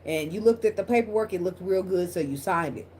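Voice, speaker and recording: A woman with a slightly low voice gives a loose, unscripted tarot reading straight to her viewers. She is blunt and profane, laughs often and talks like she is chatting with friends. A faint hum of room noise sits behind her. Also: animated, a little fast, mellow. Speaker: tarot reader. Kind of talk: casual tarot reading to camera.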